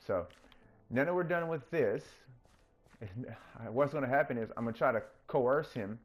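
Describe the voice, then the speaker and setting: A man hosting his own gaming channel, chatting casually through his gameplay and getting openly excited when things work. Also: a little slow. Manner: coaxes the game character in a higher, playful voice.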